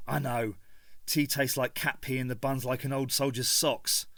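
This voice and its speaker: A man's voice: mid-range voice, little pitch movement, moderate pace, a bit bright, no room sound, natural voice. A man voicing a little tea-stall keeper with a thick Cockney accent, full of trader's patter and bitter asides. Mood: chirpy.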